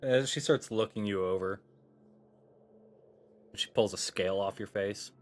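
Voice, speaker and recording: A man's voice: lowish voice, measured pace. A man narrating a tabletop game as game master, casual and swearing freely.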